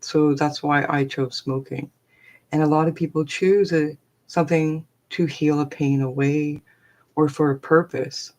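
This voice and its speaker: Low-voiced middle-aged woman rambling. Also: fairly even intonation, measured pace, a little mellow. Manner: chatty, heavy with fillers like "like" and "um". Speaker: live streamer and forest therapy guide. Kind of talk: rambling personal storytelling.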